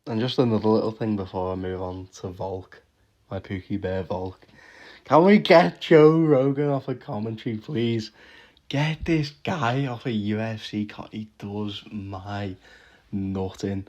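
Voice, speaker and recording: A man giving a casual, swear-heavy reaction rant about fights, with frequent laughs and quick restarts. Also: lowish voice, a little mellow, lo-fi sound. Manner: swears constantly, laughs often, rants with restarts. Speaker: MMA reaction vlogger.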